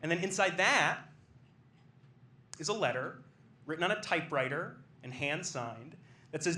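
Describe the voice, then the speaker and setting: A young man doing storytelling stand-up on a comedy club stage, excitable and animated as he acts out what people said. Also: a little high, normal speed, long pauses, slight background noise. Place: small comedy club stage with live audience. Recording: roomy club sound with faint ambience.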